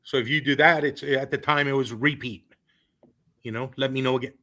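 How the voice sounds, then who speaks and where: Bright-voiced former ballplayer telling stories. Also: male voice, medium pitch, fairly quick. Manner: animated, laughing, many fillers. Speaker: former college baseball player, guest. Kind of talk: casual storytelling on a podcast.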